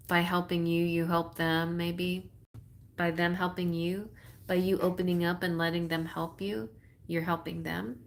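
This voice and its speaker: A woman with a Texas accent chats her way through a live tarot stream, her voice sitting a little low. She rambles, leans on fillers and laughs often between thoughts, keeping it loose and conversational. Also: vocal fry. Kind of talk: casual live-stream chat.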